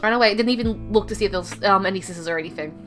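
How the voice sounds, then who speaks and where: A woman's voice: mid-range voice, rapid-fire, soft background music. A young woman casually telling a rambling story, heavy on fillers and self-mocking.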